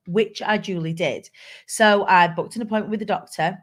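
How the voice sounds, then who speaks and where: A woman's voice: medium pitch, moderate pace. A woman hosting a live show, talking candidly and chattily to viewers and reading out their comments. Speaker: live show host and speaker. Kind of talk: casual live-stream talk.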